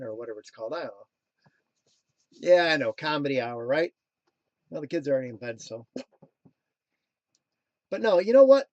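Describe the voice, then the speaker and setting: A man's voice: mid-range voice, sing-song, moderate pace, pauses often, a little mellow, no echo, muffled recording. A man hosting a casual motivational talk, drifting into playful jokey asides before coming back to his point. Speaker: motivational show host.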